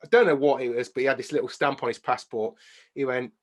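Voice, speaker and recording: Man telling lively stories. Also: medium pitch, quick pace. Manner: animated anecdotes, hums tunes. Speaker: podcast guest. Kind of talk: casual storytelling chat.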